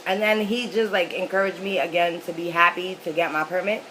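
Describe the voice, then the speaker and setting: A woman's voice: on the low side, fairly even intonation, normal speed, a bit bright, a little hiss or hum, low-quality recording. A woman vlogger telling a story in a chatty, rambling way while she eats, with lots of fillers. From New York City. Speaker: mukbang vlogger. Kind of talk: casual storytelling while eating.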